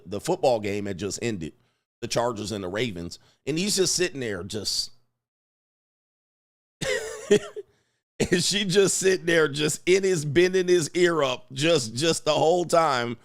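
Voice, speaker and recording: A middle-aged man hosting a casual livestream, telling a story with slang and laughter and reading viewer comments aloud. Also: medium pitch. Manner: animated, laughing, slangy, reads chat aloud. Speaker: livestream host.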